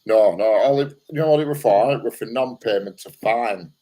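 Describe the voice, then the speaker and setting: A man's voice: on the low side, moderate pace, mellow, rough recording. Plain-spoken man. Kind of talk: casual chat.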